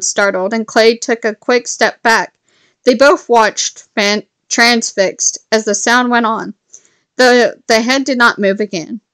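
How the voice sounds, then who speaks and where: A woman casually reading a novel aloud, stumbling and correcting herself now and then, with a lift in pitch for quoted lines. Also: a bit bright. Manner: unpolished reading with restarts and self-corrections. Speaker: reader of a novel. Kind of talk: casual read-aloud storytelling.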